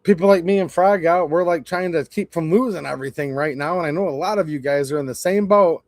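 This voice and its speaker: A man's voice: sits high, darkish tone, dry recording. A man hosting a casual livestream, talking in a sarcastic, rambling, mocking way. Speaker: channel host.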